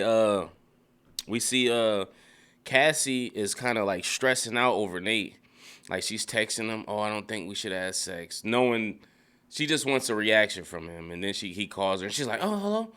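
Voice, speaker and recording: A man casually recapping a TV episode, animated and profane, laughing often and mimicking characters in a high voice. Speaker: TV recap reviewer. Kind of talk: casual spoken show recap. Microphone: studio dynamic mic.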